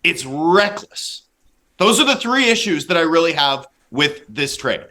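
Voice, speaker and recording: Brief: male hockey analyst, high bright voice, animated rapid-fire rant. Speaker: hockey writer guest. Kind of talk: opinionated sports analysis.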